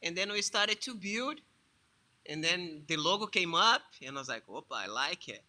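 English guy telling his story, stumbly and repeats himself, really bright sharp tone. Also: high-pitched, expressive. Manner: halting, repeats words and restarts often. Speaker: jiu-jitsu instructor. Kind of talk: casual personal storytelling.

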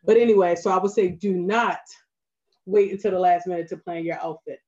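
A woman's voice: on the low side, steady tone, a little fast, dark tone, lo-fi sound. Baltimore-accented woman photographer giving advice. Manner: earnest, advice-giving, frequent "right?" asides. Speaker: photographer guest. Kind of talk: casual podcast interview.

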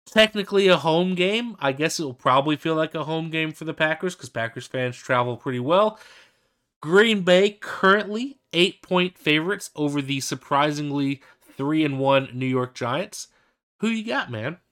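A young man co-hosts a laid-back football podcast, his voice bright and forward with a smooth, crisp tone. He rambles a little and restarts his sentences as he thinks aloud. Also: a little high, normal speed. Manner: rambling, hesitant restarts and fillers. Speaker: podcast co-host. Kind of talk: casual sports podcast chat.

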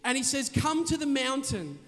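A man preaching a sermon, telling a story with animated delivery and shouted calls. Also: very high voice, moderate pace. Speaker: pastor. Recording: long hall reverb.

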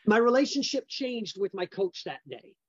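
A man's voice: high voice, sing-song, moderate pace, slightly rough, dry recording, dull audio. A middle-aged man, a business founder, telling personal stories as an interview guest, stressing points by repeating words.

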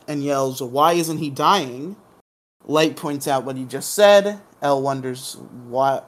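A man hosting a podcast, recapping a TV episode in a casual, joking, irreverent way. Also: fairly high pitch. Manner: joking, irreverent, hums silly sound effects. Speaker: podcast host.

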